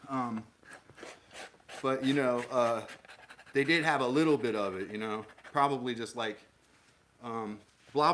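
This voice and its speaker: A man's voice: medium pitch, measured pace, long pauses, fairly bright tone, a little hiss or hum. A man with an American accent hosting a live stream, chatting in a rambling, jokey way. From United States. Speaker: livestream host. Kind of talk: casual live-stream chat.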